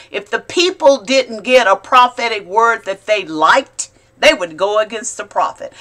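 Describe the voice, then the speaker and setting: A woman preaching a sermon, reading scripture slowly with drawn-out emphasis and exclaiming asides between the verses. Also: a little high, fairly bright tone.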